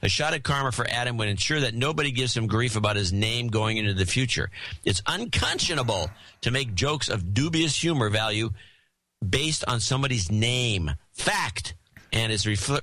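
A man's voice: mid-range voice, bright, forceful tone, no echo. A man co-hosting a podcast, reading listener letters aloud with jokey asides and a taste for put-on voices. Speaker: podcast co-host reading donor notes.

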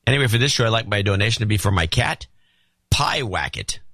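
A man's voice: fairly low pitch, expressive, fast, loud music behind the voice. A male podcast co-host with a dry, wry delivery, reading out donor notes and chatting about politics.

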